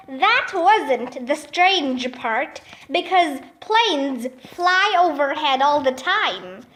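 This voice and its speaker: Bright slow woman reading a storybook. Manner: jumps up in pitch for excited characters' shouts. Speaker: storybook reader. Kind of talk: reading a children's chapter book aloud.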